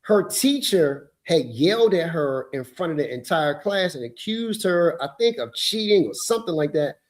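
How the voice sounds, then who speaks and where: A man in his fifties, a podcast host telling a story in an emphatic, animated way. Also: a little high, moderate pace.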